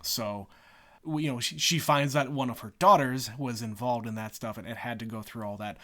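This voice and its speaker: A man's voice: medium pitch, normal speed, fairly bright tone. A man co-hosting a podcast, recapping a movie casually, rambling and restarting often. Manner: rambling, repeats words, many fillers. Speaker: podcast co-host.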